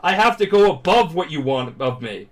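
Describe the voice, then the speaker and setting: A man's voice: mid-range voice, expressive, measured pace, lightly acted. A drunk man voicing an earnest teenage boy hero who talks in a pleading, determined way.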